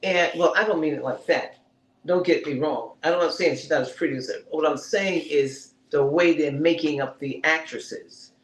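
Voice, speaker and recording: Man, fairly high voice, casual TV review chat, animated storytelling, echoey room. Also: normal speed. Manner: animated, retells scenes and acts out the characters' lines. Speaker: podcast co-host reviewing a TV episode. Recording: roomy echo.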